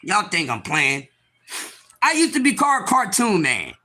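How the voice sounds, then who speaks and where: High, cartoonish man shouting. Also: wildly swooping pitch, a little slow. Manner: loud, preachy, often shouting. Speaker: live stream host. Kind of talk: animated livestream talk.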